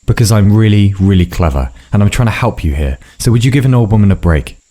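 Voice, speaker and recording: A man voicing a gruff, secretive, hard-drinking old woman who talks in a dry, curt, mumbling way. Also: fairly low pitch, expressive, fast, mellow. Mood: snappish.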